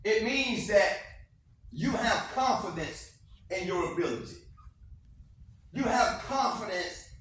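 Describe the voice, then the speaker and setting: Heard from a distance in an echoey classroom with faint noise, a motivational speaker addresses students with emphatic, repetitive lines and call-and-response. His fairly bright voice sits high and is expressive, and he takes it slowly, pausing often.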